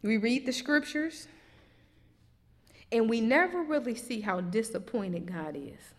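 Expressive woman preacher with a high voice. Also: a little slow. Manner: expressive, swinging between loud emphatic questions and quiet, low reflection. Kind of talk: sermon. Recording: long hall reverb.

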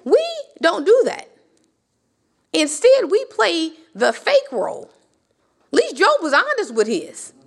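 A woman's voice: very high voice, wildly swooping pitch, slow, creaky, long pauses. A woman teaching a sermon in a conversational style, with rhetorical questions and passionate rises that climb to near cries. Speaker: Bible teacher.

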